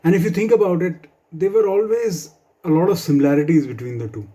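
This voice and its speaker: A man's voice: a little high, fairly quick, dark tone. A man performing a stand-up comedy set for office colleagues, with wry, dry humor and asides. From India.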